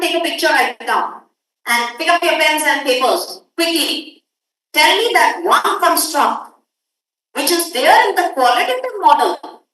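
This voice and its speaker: A woman teaching a workshop, lecturing students and briskly telling them to hurry up. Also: high-pitched, sharp tone. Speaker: workshop instructor. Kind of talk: classroom lecture. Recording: echoey room audio from far off.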